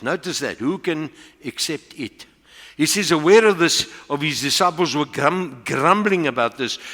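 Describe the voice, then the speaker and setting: A man's voice: a little high, pushed and bright. A man with a South African accent preaching a sermon as pastor, building to emphatic peaks and slipping into Afrikaans phrases. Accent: South African English. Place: church hall. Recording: long hall reverb.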